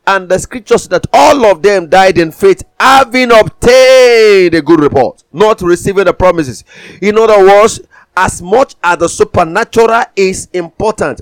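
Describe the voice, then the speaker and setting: A man's voice: high-pitched, no room sound. A man preaching a sermon, emphatic, with repeated declarations.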